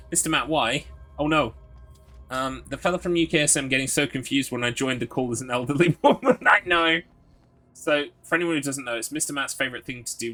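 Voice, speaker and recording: Bright-voiced chatty man. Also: mid-range voice. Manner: chatty and upbeat, reads chat aloud and laughs often. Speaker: game streamer. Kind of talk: live-stream chat while gaming.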